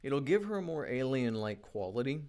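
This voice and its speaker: With a medium pitch, big pitch swings, and a slightly mellow sound, this man talks at a normal speed. As an independent animation creator filming a relaxed work vlog, he thinks out loud while animating, often restarting and padding his rambling with fillers.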